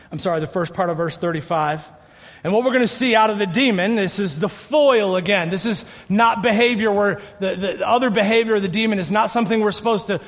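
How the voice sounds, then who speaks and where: Brief: male pastor, high voice, earnest sermon delivery, muffled church room. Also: in a large hall. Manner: earnest preaching, drops to a hush on key points. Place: church sanctuary.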